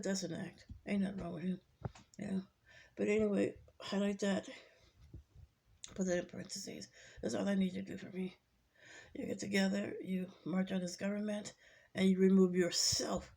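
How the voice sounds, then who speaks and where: Gravelly, husky woman ranting. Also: medium pitch, darkish tone. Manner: agitated, preachy, repetitive. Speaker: vlogger. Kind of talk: rambling monologue to camera.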